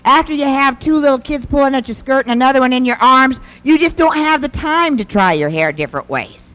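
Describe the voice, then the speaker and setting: Lively, folksy woman addressing an audience. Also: high-pitched, a little fast. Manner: animated, folksy, acts out mothers and daughters in quotes. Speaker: speaker at a Christian women's event. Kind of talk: conversational talk to an audience.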